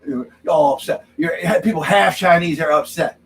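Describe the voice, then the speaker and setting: Ranting man, high-pitched and heated. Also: normal speed, poor audio. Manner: angry, repetitive ranting, keeps tagging "okay?". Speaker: livestream host. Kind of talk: drinking-show rant. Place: home studio.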